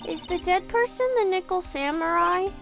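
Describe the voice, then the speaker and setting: A woman's voice: very high-pitched, moderate pace, vocal fry, a bit bright, faint music behind, heavily acted. A woman voicing a shy, polite little girl with a timid manner. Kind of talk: game voice reading.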